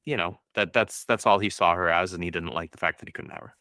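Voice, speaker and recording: A man's voice: low-pitched, fast talker, bright, forceful tone, dry recording, clean studio sound. A man co-hosting a podcast, chiming in with short, laid-back remarks in casual chat. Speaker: podcast co-host. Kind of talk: casual comic book chat.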